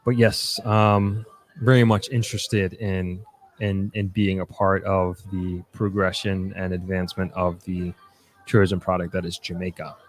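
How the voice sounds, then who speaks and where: A young man talks casually on a live stream, going through viewer questions one by one. His voice sits a little low, and his answers ramble with restarts, fillers and small asides. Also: flat delivery, unhurried. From New York, United States. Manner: reads out comments then answers, with frequent restarts and fillers. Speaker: livestream host answering viewer comments.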